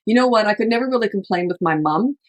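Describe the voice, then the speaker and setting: A woman's voice: mid-range voice, animated, fast talker. A middle-aged woman, a parenting coach, giving advice in casual chat, emphatic and chatty, often acting out what parents say. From Canada. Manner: chatty, emphatic, laughs often, acts out quotes. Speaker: parenting coach, podcast host.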